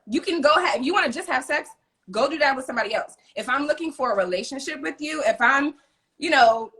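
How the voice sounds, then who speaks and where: Bright, emphatic woman co-host. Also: high-pitched. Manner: emphatic, animated retelling with quoted voices. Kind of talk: casual chat.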